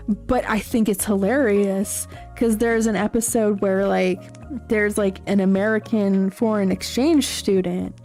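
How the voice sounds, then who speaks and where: A woman hosting a casual livestream, chatting to viewers in a rambling, halting way with many fillers and giggles. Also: mid-range voice, a little mellow. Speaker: livestream host. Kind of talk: casual livestream chat, answering chat. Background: faint background music.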